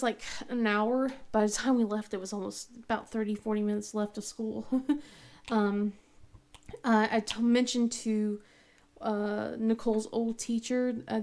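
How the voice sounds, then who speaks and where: A woman's voice: mid-range voice, darkish tone. A woman in her thirties hosting a craft channel, telling a family story in a rambling, casual way with lots of fillers and restarts, often laughing as she goes.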